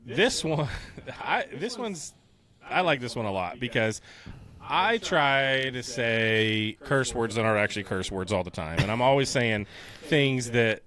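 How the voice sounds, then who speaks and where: A man in his thirties co-hosting a casual podcast, animated and chatty. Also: medium pitch, unhurried. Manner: animated, quotes movie lines in silly voices. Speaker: podcast co-host.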